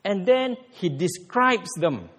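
A man preaches. His voice sits a little high and swings widely, jumping up to hit his key points. The sound carries the long reverb of a church hall. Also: slow pace, husky. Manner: animated preaching with sudden emphatic rises. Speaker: pastor. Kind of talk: sermon.

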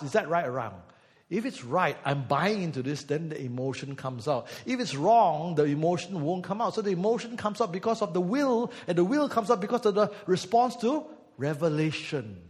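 A man's voice: high-pitched, long reverb tail. A male pastor giving a conversational sermon, teasing the congregation and breaking into bits of song. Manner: conversational, teasing the congregation, sings snatches of songs.

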